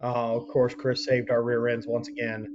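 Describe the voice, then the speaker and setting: A man's voice: mid-range voice, completely flat delivery, normal speed, background noise. A man talking casually on a work webinar in a friendly, plain way. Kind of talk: casual chat. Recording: dull lo-fi webinar audio.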